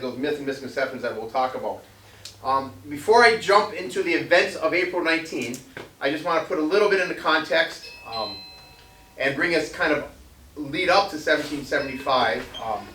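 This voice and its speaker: A man's voice: fairly high pitch, fairly bright tone, a little hiss or hum. A man giving a casual history lecture to a live audience, rambling with many ums and restarts and jokey asides. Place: veterans center hall. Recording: echoey hall, voice from far off.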